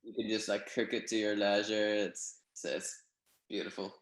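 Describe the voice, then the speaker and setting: A young man from Northern Ireland with a Northern Irish accent, chatting in a relaxed, rambling way with many fillers on a video call. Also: lowish voice, moderate pace, roomy sound, rough recording. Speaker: guest, gymnast. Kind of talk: casual interview over video call.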